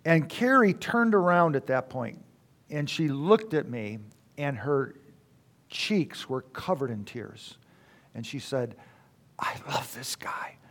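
A man with a slightly raised pitch tells a personal story to an audience. He speaks reflectively and often stops to restart a phrase before going on. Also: lively intonation, slow pace, fairly bright tone.

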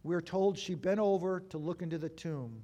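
A man preaching an Easter sermon as a pastor, moving between raised, emphatic phrases and hushed, slow ones with deliberate pauses. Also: a little high. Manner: dramatic swings between loud and hushed.

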